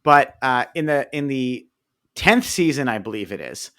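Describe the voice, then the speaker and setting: A man's voice: medium pitch, lively intonation, moderate pace, a bit bright, clear, resonant tone. A man co-hosting a sports podcast, talking in a hesitant, filler-heavy way and telling jokes. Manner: hesitant, many fillers and restarts, tells jokes. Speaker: podcast co-host. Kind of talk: casual chat.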